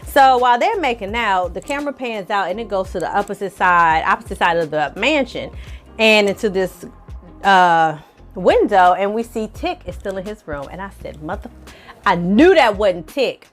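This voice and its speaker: A woman hosting her own channel, recapping a TV episode in a lively, slangy storytelling style. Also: mid-range voice, moderate pace, soft background music. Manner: animated, slangy storytelling with acted quotes. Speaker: film reviewer, channel host.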